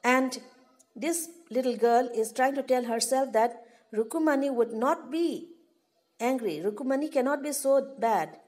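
Lady teacher going over a story for a class, repeats stuff, highish voice. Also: a little slow, darkish tone. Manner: explanatory, repeats and rephrases for pupils. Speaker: English teacher. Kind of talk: reading a story aloud and explaining it.

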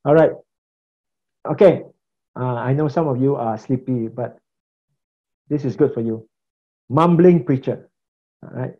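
A male pastor teaches a class on preaching in an animated lecture, acting out various preaching habits and chuckling now and then. His medium-pitched voice is a little slow with frequent pauses, and the highs are cut off.

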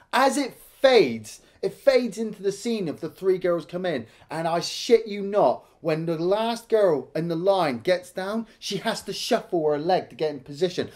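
Swearing, exasperated man ranting. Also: sits high. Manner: profane, exasperated, heavy swearing. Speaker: film review co-host. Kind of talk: casual ranting film review chat.

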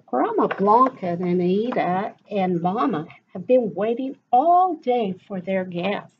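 A woman's voice: medium pitch, animated, takes it slowly, husky, muffled recording. A woman teacher reading a picture book aloud to children, stopping to ask them questions. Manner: stops to ask listeners questions.

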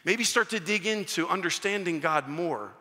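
A man preaching a sermon in a church, animated and story-driven, acting out both sides of conversations. His voice is bright and forceful and sits a little high for a man. A long hall reverb trails after his words. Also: normal speed. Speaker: pastor.

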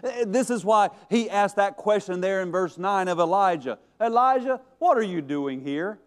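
A man preaching a sermon, moving from strong emphasis to hushed soft passages, with some stumbling restarts. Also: high-pitched, lively intonation, moderate pace. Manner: dramatic shifts to hushed, soft delivery for quiet passages; stumbling restarts and repeated words. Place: church sanctuary.

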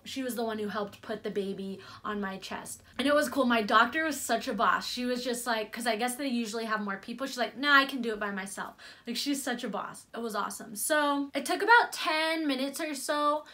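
A young woman with a fairly high voice tells her birth story in a casual vlog. She gushes and chats with her viewers, piling up fillers as she goes. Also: pushed and bright. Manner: chatty and gushing, many fillers, addresses viewers as "you guys". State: near tears at moments. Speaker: vlogger.

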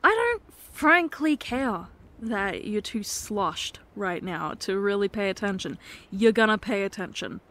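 Slow, soft-spoken woman in whispered role-play. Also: mid-range voice, very animated. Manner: soft-spoken, shifting between hushed pleading and sharp exasperation; swears when frustrated. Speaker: ASMR role-play performer.

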